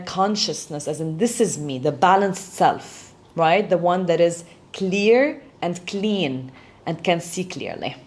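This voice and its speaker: A woman's voice: lowish voice, a little mellow. A woman hosting a self-help talk, explaining steps in an earnest coaching manner and often checking in with "right?". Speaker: host.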